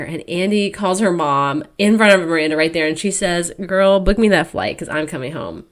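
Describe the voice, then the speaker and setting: Young female podcast co-host, lower voice, casual storytelling recap with quick voiced asides. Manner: chatty, acts out characters' lines in quick asides. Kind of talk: casual chat recapping a book.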